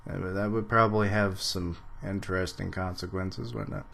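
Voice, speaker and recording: A man reading a manga chapter aloud on a live stream and commenting on it, with dry sarcastic asides and now and then clearing his throat. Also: deep voice, level tone, normal speed, fairly bright tone, a little hiss or hum. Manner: clears throat, mentions allergies. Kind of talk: casual live reading and reaction.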